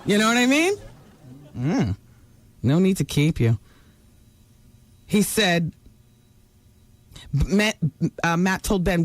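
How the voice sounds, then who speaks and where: A brassy woman radio host dishes celebrity gossip with teasing commentary. Her voice swoops up and down as she talks, lively and full of attitude. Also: on the low side, takes it slowly, pauses often, dry recording.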